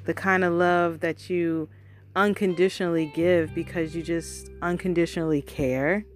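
A woman's voice: lowish voice, fairly even intonation, moderate pace, soft background music. A woman vlogger recording herself, talking through an earnest, casual motivational monologue, calling listeners "y'all" and often asking if they know what she means. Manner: earnest, conversational, often asks "you know what I mean?". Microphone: recording herself for her channel.

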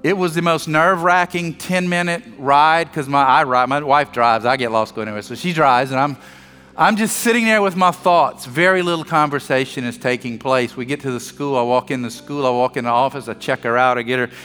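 A man's voice: medium pitch, a little fast, bright, forceful tone, clean tone, big-room sound, soft background music. A man preaching a sermon as pastor, telling a family story with joking asides and acting out the dialogue.

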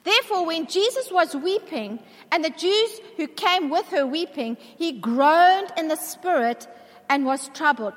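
A woman preacher giving a sermon to a church congregation, emphatic, asking the congregation questions. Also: high voice. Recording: long reverb of a large hall.

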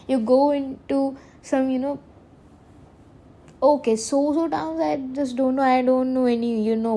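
A woman's voice: fairly high pitch, warm tone. Chatty woman hosting a podcast. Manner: rambling and earnest, self-correcting, laughs often. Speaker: podcast host. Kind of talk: casual solo podcast monologue.

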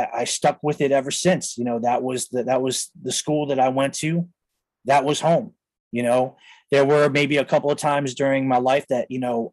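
Recorded on a close mic in a studio with no echo but rough audio quality, a podcast host in his thirties rambles through a personal story. His voice is medium-pitched, and he leans constantly on "you know" and "like".

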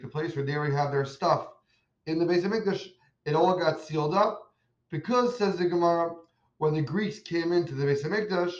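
Casting: a male Torah teacher with a fairly high voice, who tells stories and asks emphatic questions, recorded lo-fi. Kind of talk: religious lesson with storytelling. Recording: echoey room, dull lo-fi sound.

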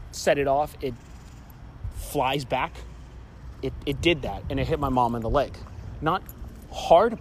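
A young man telling a story in an agitated, rambling rant, swearing often and restarting his sentences. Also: fairly high pitch. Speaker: vlogger. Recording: noisy street background.

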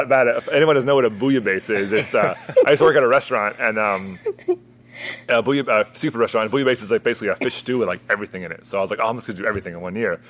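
A man's voice: mid-range voice, fairly bright tone. A young adult man, a guest coach, telling stories in a rambling casual way and laughing often. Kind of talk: casual chat.

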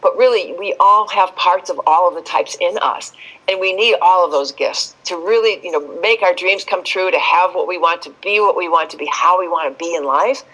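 Lively storytelling woman guest, low voice. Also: normal speed, low-quality recording. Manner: animated storytelling, acting out quoted voices. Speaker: guest expert. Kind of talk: podcast interview.

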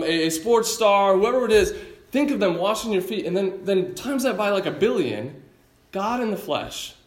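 A man preaching a sermon in an animated, conversational way with casual asides. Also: high voice, echoey room. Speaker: pastor.

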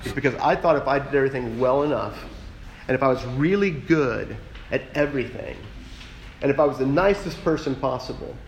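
A man's voice: medium pitch, brisk, slight background noise, low-quality recording. Earnest male pastor preaching conversationally. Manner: earnest, direct, asks the listeners questions. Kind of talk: conversational sermon.

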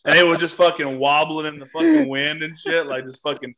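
A man telling a profane, animated story in casual podcast chat, acting out what other people said. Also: a little high, brisk, over a noisy crowd. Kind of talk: crude comedic storytelling.

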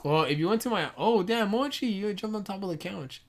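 A man's voice: high-pitched, expressive, brisk. A young man co-hosting a podcast, joking around and swearing casually in slangy chat. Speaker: podcast co-host.

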